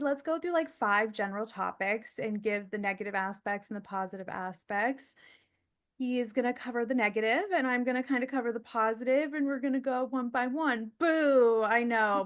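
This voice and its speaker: A young woman co-hosting a podcast in casual, bubbly chat. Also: on the high side. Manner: bubbly, chatty, fast filler-heavy talk. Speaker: podcast co-host.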